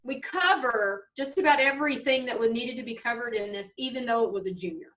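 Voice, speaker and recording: A woman's voice: on the high side, brisk, fairly bright tone. A middle-aged woman, a club leader giving a chatty instructional demo to kids and checking in often. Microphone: video camera. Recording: distant camera mic.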